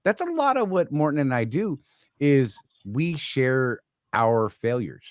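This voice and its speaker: A man's voice: medium pitch, sing-song, unhurried, dry recording, clean studio sound. A man co-hosting a casual talk show, speaking earnestly with many restarts and repeated words. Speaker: podcast co-host. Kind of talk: casual chat.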